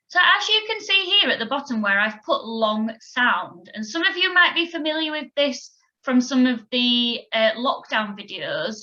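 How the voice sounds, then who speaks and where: A woman's voice: a little high, bright, forceful tone. A woman teaching a children's music lesson on video, patient and encouraging as she counts the pupils in. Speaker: primary school music teacher. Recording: slightly dull lo-fi recording.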